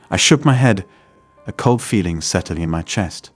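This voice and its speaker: Male narrator, low and dry, measured scripted storytelling over soft music. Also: lively intonation, dry recording. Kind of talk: scripted first-person narration.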